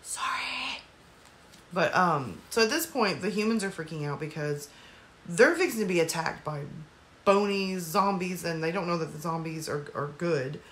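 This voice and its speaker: A woman's voice: lowish voice, lively intonation, normal speed, fairly bright tone, slight background noise. A woman casually recapping a movie's plot at home, rambling with lots of fillers and apologetic asides. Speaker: movie reviewer.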